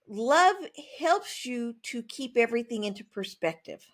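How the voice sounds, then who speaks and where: Emphatic, higher-pitched woman guest. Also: a little slow. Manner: emphatic, animated storytelling with plain-spoken asides. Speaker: guest author. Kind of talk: conversational interview.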